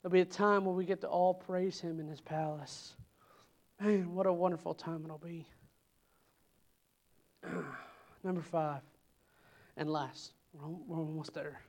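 High-voiced man preaching with emphatic swells. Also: steady tone, measured pace, darkish tone. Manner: emphatic, repeating phrases with swells in pitch and volume. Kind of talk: sermon. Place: church service.

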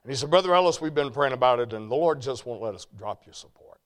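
An older man preaching a sermon, telling folksy stories that drop quiet and then rise to loud shouts. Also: mid-range voice, animated, fast talker, smooth. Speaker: preacher and ministry president. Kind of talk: storytelling sermon.

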